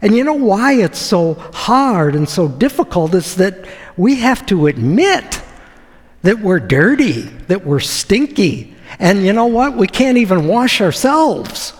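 Male pastor, sermon, high animated voice, unhurried delivery, reverberant hall sound. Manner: conversational, asks the audience questions, with deliberate pauses.

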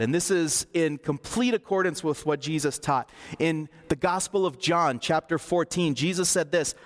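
A man preaching a sermon as pastor, talking conversationally and acting out scripture scenes, dropping low and soft for emphasis.

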